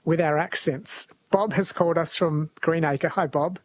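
A man from New Zealand hosting talk radio, brisk and friendly, taking calls and reading out listener texts. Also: a little high, steady tone, no room sound. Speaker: radio host.

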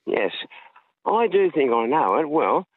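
An Australian man calls in to a radio show, pitched a touch high and talking in a chatty, rambling way. His voice comes through a tinny phone line. The sound is dry. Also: sing-song, measured pace, slightly rough, dry recording. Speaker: caller.

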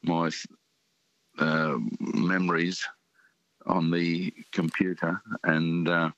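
An older Australian man calling in to a radio show, talking in halting phrases with many fillers. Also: low-pitched, level tone, fairly bright tone, dry recording. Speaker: caller. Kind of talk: casual radio call-in chat. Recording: muffled phone line.

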